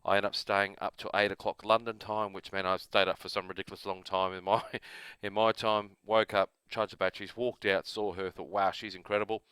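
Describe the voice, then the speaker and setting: A man's voice: on the low side, level tone, fairly quick, few pauses, fairly bright tone, smooth, no room sound. A man with an Australian accent, host of a gaming channel, telling a long rambling story in a casual, self-amused way.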